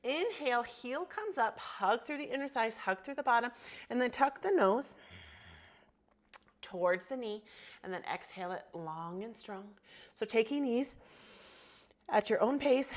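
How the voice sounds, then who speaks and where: A yoga instructor guides a class, cueing poses and breathing with encouraging, motivational talk and spoken affirmations. Her fairly high voice is animated and unhurried, with frequent pauses and a slight frog in her throat.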